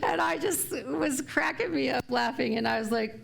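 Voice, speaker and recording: A middle-aged woman minister speaking to her congregation in a relaxed, conversational sermon. She chats her way through family stories and often laughs along the way. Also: high voice, normal speed, creaky. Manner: chatty and warm, laughing often while telling stories. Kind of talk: sermon talk. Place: church sanctuary before a live congregation.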